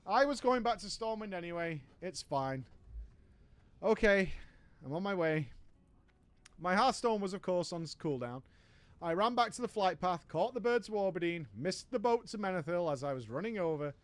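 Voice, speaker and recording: A man's voice: high-pitched, expressive, normal speed, no echo. A man telling a comic story from an online game, wry and exasperated. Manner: wry, exasperated, often laughing. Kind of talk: comic gaming story narration.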